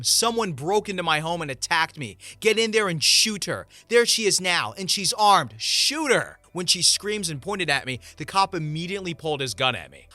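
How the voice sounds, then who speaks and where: A man, a voice actor, reading a story aloud in first person and adding expressive commentary. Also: fairly high pitch, dry recording.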